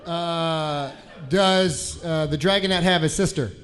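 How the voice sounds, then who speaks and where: A man making sly, bawdy jokes as a contestant on a live comedy panel. His voice sits a little high. Loud noise runs behind the live recording. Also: slow pace. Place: ballroom stage before a live audience.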